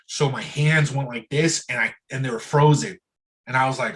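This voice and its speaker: Husky-voiced man talking frankly, calling you bro. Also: mid-range voice, moderate pace, a bit bright, low-quality recording. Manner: loose and frank, often says "bro" and "dude". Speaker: interview guest. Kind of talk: casual candid conversation.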